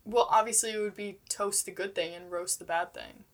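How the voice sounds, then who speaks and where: A woman's voice: mid-range voice, fairly even intonation, a little fast. A young woman in her twenties co-hosting a podcast, easygoing and playful. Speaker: podcast co-host. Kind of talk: casual podcast chat.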